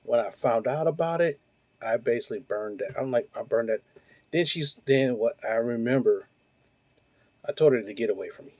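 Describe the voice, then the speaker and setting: A man's voice: mid-range voice, normal speed, a little mellow, no echo. A man in his forties hosting his own show, delivering a blunt, profane, heated rant full of rhetorical questions. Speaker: host. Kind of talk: ranting monologue.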